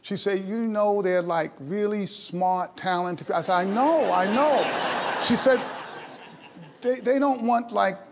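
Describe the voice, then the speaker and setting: A man's voice: high voice, a little slow, creaky, a little hiss or hum. A man in his sixties giving a passionate, emphatic stage talk to a live audience, mixing jokes with indignation. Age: 60s. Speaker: invited speaker.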